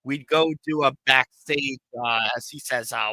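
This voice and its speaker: A man's voice: mid-range voice, measured pace, sharp tone, no echo, rough recording. A man on a live stream, ranting in a rambling, profane, emphatic way to his chat. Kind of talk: casual live-stream rant.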